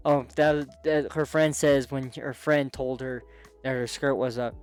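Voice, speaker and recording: A man giving a casual, excitable recap of a manga, chatty and full of restarts and asides. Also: medium pitch, measured pace, clean tone, faint music behind. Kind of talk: casual commentary.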